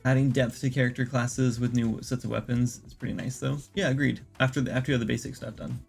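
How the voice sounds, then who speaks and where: A man with a gravelly, fry-laden voice at a middle pitch talks his way through ideas on a casual livestream. He rambles and circles back, packing his sentences with fillers. Soft music plays faintly underneath him. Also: little pitch movement, fast. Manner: rambling, filler-heavy, thinks aloud. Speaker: indie game developer streaming.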